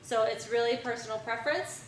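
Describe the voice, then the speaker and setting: A woman's voice: on the high side, fairly even intonation, brisk, far from the mic, a little hiss or hum. Earnest woman speaking in an echoey room. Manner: earnest, repeats key advice, many ums. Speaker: presenter on bully prevention. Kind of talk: community presentation answering parent questions.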